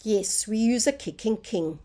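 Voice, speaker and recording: A woman's voice: fairly high pitch, unhurried, mellow. A woman teaching a phonics lesson to young children, drawing out each sound in a sing-song teacher voice.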